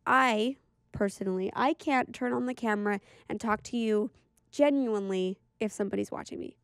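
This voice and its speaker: A woman's voice: medium pitch, normal speed, clean tone, dry recording, studio quality. A woman co-hosting a casual podcast chat who mostly listens and adds short, supportive replies. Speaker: podcast co-host.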